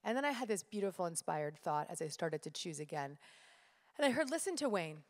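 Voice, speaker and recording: On stage in a large hall, a woman gives an energetic motivational talk, telling stories and speaking straight to the crowd. Her fairly low voice swings widely in pitch and moves at a brisk pace, with the live hall adding reverb.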